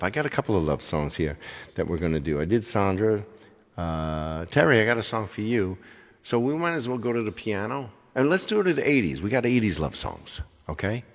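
Between songs on his livestream, a singer chats casually with viewers in a low-pitched voice with a big-room sound. He rambles and keeps apologizing as he talks.

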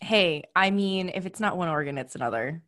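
A woman's voice: on the low side, animated, a little fast, a bit bright. Sassy young woman. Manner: playful, sassy, laughs a lot. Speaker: podcast co-host. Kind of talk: casual chat.

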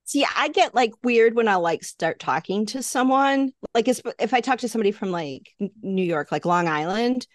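A woman's voice: on the high side, lively intonation, moderate pace, hardly any pauses, dry recording, studio quality. A woman with a Chicago accent, co-hosting a podcast in casual chat, rambling with lots of "like.". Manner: rambling, full of "like". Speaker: podcast co-host.

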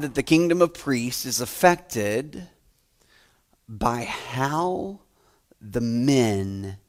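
A man preaching a sermon, telling stories with loud quoted lines and quiet trailing asides. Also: medium pitch. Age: adult, grew up playing school basketball. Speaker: pastor.

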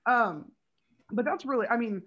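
A woman's voice: on the high side, moderate pace, fairly bright tone, muffled recording. A woman co-hosting a podcast, chatting casually and enthusiastically about a TV episode, with lots of "like" fillers. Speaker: podcast co-host. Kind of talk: casual fan chat reviewing a TV episode.

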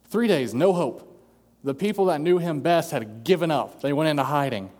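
A man's voice: on the high side, animated, normal speed, darkish tone. Man preaching in a reverberant hall. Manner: earnest preaching, acts out quoted voices. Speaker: pastor. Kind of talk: sermon.

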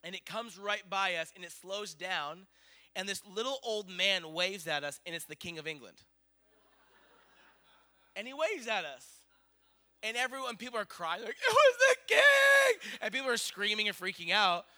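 Excitable high-voiced male preacher. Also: moderate pace. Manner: animated, excitable storyteller. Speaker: pastor. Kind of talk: sermon storytelling.

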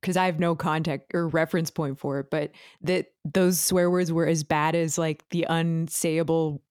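A woman's voice: low-pitched, fairly even intonation, moderate pace, a little mellow, clear, resonant tone, no echo, studio quality. A woman from Canada, a guest musician, chatting casually on a podcast with a laid-back manner and frequent ums.

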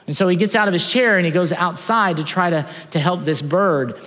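A pastor preaching a sermon, telling a story with animated outbursts and dropping to a hush before closing in prayer. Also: male voice, high-pitched, brisk, big-room sound. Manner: animated storytelling, swings from loud acted outbursts to hushed.

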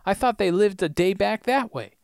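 A man's voice: high voice, animated, normal speed, creaky, smooth, no room sound, clean studio sound, pitched above the performer's own voice. A man doing an exasperated, demanding man. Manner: exasperated, pushy questioning. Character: frustrated adult man demanding answers.

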